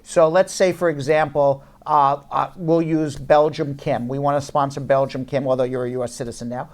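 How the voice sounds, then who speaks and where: Joking lawyer host, fond of "okay?". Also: male voice, medium pitch, steady tone, moderate pace. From United States. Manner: joking, loud teasing, then explains step by step with repeated "okay?". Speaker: immigration lawyer and show host. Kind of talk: casual live show banter and legal explanation.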